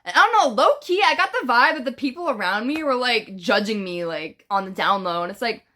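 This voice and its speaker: A woman with a New York accent telling a casual storytime vlog, animated, profane and full of slang. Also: fairly high pitch, a little fast. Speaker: vlogger.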